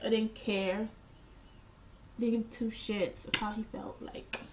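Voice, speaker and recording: Young woman vlogger doing storytime, kinda high voice, swears a lot, petty and doesn't care. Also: flat delivery, slow pace, heavy background noise. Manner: blunt, profane, unbothered; boastfully petty. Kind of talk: casual storytime.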